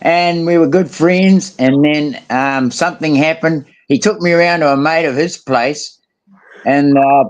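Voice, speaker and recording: A man's voice: on the high side, steady tone, measured pace. A man telling a story in casual chat, slangy and acting out quotes. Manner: colloquial, swearing, acts out quotes.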